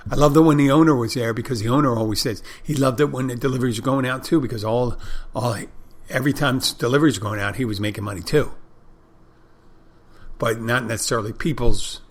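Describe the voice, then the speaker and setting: A middle-aged man rambles through a casual podcast monologue, swearing freely and circling back on himself as he tells his story. His voice sits at an ordinary middle pitch for a man. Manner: rambling, profane storytelling with restarts. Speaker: podcast host.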